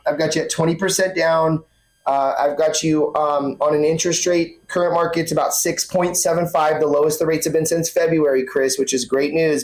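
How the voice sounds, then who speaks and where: A man co-hosting a podcast as a loan officer, talking loud and excited while working through mortgage figures. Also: fairly high pitch, rough recording. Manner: excitable, loud, runs numbers aloud. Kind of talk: casual podcast chat.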